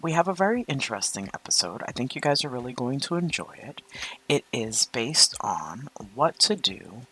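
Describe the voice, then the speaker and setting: A woman's voice: very deep voice, fairly bright tone, slightly rough. A woman hosting a spiritual coaching podcast, talking in a candid, chatty, confessional way. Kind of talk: casual spiritual podcast monologue.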